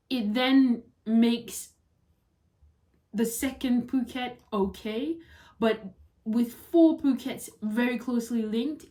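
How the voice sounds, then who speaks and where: Woman, english writing teacher, casual, animated, laughs often. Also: a little high. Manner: animated, quick asides with laughter.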